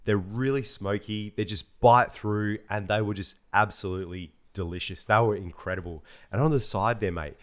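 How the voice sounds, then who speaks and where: A man's voice: fairly low pitch, steady tone, moderate pace, hardly any pauses. A man co-hosting a podcast, chatting casually, laughing often and full of slang. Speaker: podcast co-host. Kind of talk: casual chat.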